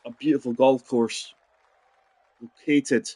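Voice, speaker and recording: A man's voice: mid-range voice, steady tone, slow pace, mellow, breathy edge, a faint crowd. A man in his forties giving chatty, rambling commentary while playing a golf video game and talking to his viewers. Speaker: gaming channel host. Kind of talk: casual gameplay commentary.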